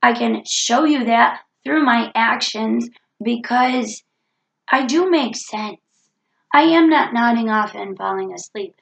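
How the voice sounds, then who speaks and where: A woman's voice: fairly high pitch, slow, gravelly, a bit bright, roomy sound, dull audio. A woman with a cold talking earnestly into the camera in a reflective self-help vlog, repeating her key points. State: has a cold. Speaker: vlogger.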